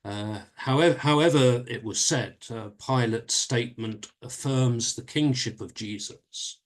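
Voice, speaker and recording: A man at a mid pitch teaching a church Bible study. He explains the passage slowly and carefully, often pausing and going back over his words as he thinks aloud. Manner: measured explaining with frequent fillers and restarts.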